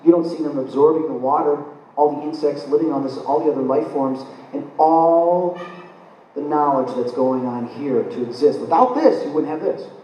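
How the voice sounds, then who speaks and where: A man giving a live spiritual lecture, telling his own stories in an animated way and acting out his reactions. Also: on the high side, normal speed, dull audio. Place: lecture hall. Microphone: recorded from the audience. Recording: very echoey room, voice from far off, faint room noise.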